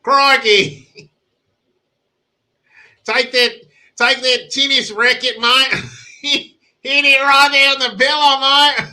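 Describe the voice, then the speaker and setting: A man's voice: extremely high pitch, fairly even intonation, slow, pauses often, pushed and bright, voice pushed up, full character voice. A man putting on a mock Australian accent to play a crude, swaggering bloke who ends every line with "mate", in a podcast commentary. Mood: mocking, loud. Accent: put-on Australian. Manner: mocking, tacks on "mate" constantly.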